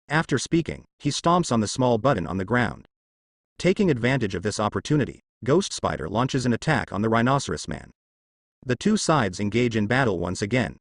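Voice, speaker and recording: Man narrating with an animated lilt. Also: mid-range voice, fairly quick, no echo, studio quality. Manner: steady storybook delivery with sound-effect words. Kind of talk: scripted narration of a translated web novel.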